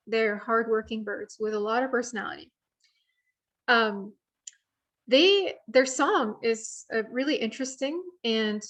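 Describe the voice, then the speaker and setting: A young woman presenting an online bird identification workshop, speaking a little higher than most women. She explains things in a friendly way with plenty of fillers, heard through a computer mic on a video call. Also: a bit bright.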